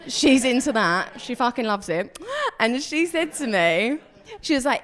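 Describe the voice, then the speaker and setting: A woman's voice: a little high, animated, unhurried, a bit bright. Chatty woman doing stand-up. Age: 30s. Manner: chatty, self-deprecating, acts out quoted voices. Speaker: stand-up comedian. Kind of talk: stand-up comedy set. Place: comedy club stage.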